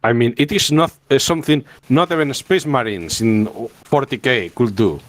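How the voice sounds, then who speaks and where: A man joining a livestream as a guest, making measured, wry remarks in casual chat. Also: mid-range voice, no echo. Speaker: guest co-reader.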